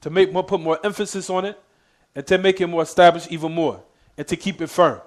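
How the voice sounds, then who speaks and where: A man's voice: a little high, fairly even intonation. A man giving a religious lesson, quizzing his class with "what?" prompts and repeating key points. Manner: reads Arabic quotations quickly. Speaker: Islamic teacher.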